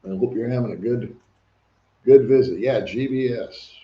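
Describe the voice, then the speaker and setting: Speaking in a mid-range voice at a moderate pace, an older livestream host chats casually and reads out comments from viewers. His room is echoey and the audio dull and lo-fi.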